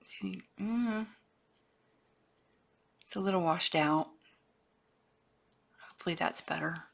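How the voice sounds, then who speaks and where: Woman, fairly low pitch, gravelly, crisp bright tone, casual rambling chat. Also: slow. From Florida, USA. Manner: chatty, rambling, trails off and restarts, drops to a whisper at times. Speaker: craft vlogger. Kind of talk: casual show-and-tell.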